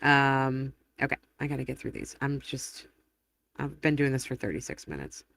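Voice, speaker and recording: A woman hosting a casual live stream, rambling through viewer comments with quick laughs and self-corrections. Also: extremely low pitch, lively intonation, gravelly, fairly bright tone. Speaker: livestream host. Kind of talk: casual livestream chat, reading viewer comments aloud.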